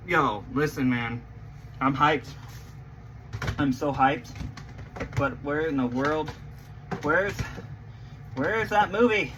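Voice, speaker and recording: High, bright, excitable young guy vlogging. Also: takes it slowly, pauses often, slight background noise, poor audio. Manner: excitable, swings from mumbling to yelling, swears a lot. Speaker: channel host reacting to a movie trailer. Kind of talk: casual reaction vlog.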